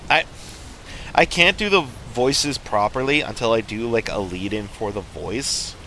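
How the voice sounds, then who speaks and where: A man's voice: mid-range voice, takes it slowly, pushed and bright, slight background noise. A man streaming a game and chatting casually with his viewers, laughing often and restarting his sentences. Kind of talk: casual livestream chat.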